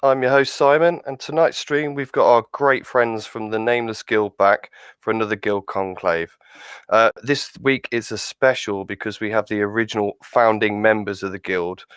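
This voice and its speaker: Smooth low-voiced male stream host. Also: fairly bright tone, no room sound. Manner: upbeat, friendly introductions. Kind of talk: livestream hosting.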